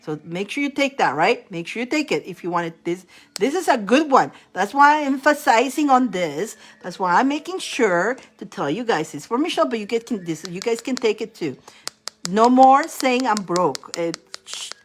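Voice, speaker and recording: A woman with a slightly high voice reads tarot cards on a live stream. She is chatty and encouraging, laughs often, and repeats mantras aloud for her viewers. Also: sing-song, moderate pace. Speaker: tarot card reader. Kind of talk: live-stream card reading.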